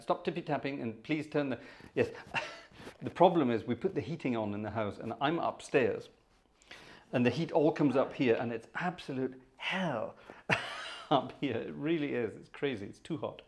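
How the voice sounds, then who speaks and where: Streaming organ music casually from an upstairs room in his home, a man chats and jokes with viewers at a normal speed in a medium-pitched voice. He's animated and chatty, thanking people by name, and a room mic captures him.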